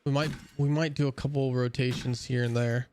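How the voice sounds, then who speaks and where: A little fast and a little mellow, the young man's mid-range voice stays level in tone, with a slight hiss or hum in the audio. Streaming a game, he chats casually and rambles with lots of fillers and restarts, sounding a bit tired.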